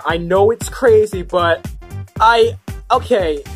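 A woman's voice: medium pitch, slow pace, faint music behind, pitched below the performer's own voice, close to an everyday voice. A woman voicing a panicky, melodramatic young male Koopa who whines and stammers in a puppet comedy skit. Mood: pleading.

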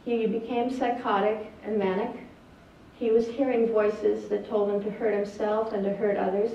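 A woman's voice: mid-range voice, level tone, moderate pace, slight background noise. Older woman, doctor, earnest, hesitant, distant mic, roomy echo. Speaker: speaker telling a family story. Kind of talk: presentation. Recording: distant echoey lo-fi hall recording.

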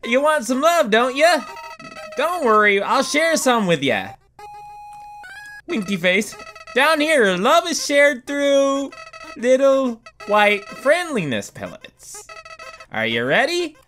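A man's voice: very high voice, sing-song, slow pace, bright, forceful tone, soft background music, voice pushed up, full character voice. A man voicing a chipper, two-faced little male flower in a video game, with a folksy drawl that slides toward a Southern twang. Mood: chirpy. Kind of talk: let's-play character voice.

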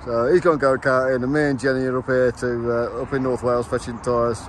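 A man's voice: medium pitch, little pitch movement, a little fast. A middle-aged man and racing driver chatting casually in a rambling vlog, full of restarts. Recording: noisy outdoor recording.

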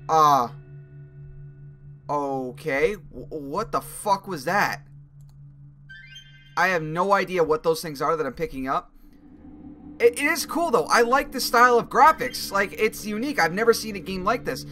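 Young male let's-play host, bright higher voice, reacts loudly and thinks aloud, game music faint behind. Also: normal speed. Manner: excitable, jumpy reactions, swearing, thinking aloud. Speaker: gaming YouTuber.

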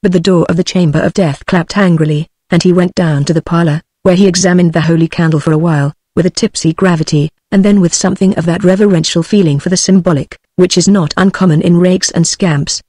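A synthetic audiobook voice reads the story in a steady, middle-pitched tone. The sound is close and dry, with no room around it. Its delivery is even and machine-made throughout. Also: brisk, hardly any pauses, dry recording. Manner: even synthetic text-to-speech reading. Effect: text-to-speech voice. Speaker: audiobook narrator. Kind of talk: scripted narration.

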